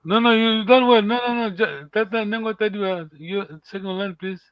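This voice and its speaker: A man teaching a language lesson online, patiently encouraging students and saying words slowly for them to repeat. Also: high-pitched, smooth, no room sound, dull audio. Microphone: video call.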